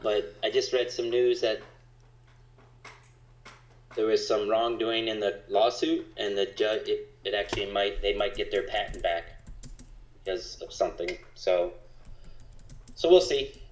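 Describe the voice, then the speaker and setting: Man, monotone, deep voice, echoey room, muffled lo-fi sound, casual trading chat. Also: normal speed. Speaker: co-host trader.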